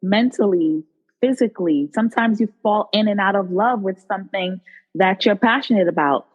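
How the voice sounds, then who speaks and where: A woman's voice: mid-range voice, moderate pace, highs cut off. Woman guest talking casually on a podcast. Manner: animated storyteller who acts out quotes. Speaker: podcast guest, nurse and cook. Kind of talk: casual interview talk.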